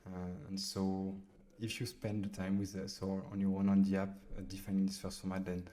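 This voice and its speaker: A man with a deep, mellow voice talks through a software tool off the cuff. He pauses often on "uh" and restarts his sentences, keeping an even, unhurried tone. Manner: halting, frequent "uh" fillers and restarts. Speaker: presenter demonstrating a video-editing AI tool. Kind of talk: unscripted software walkthrough.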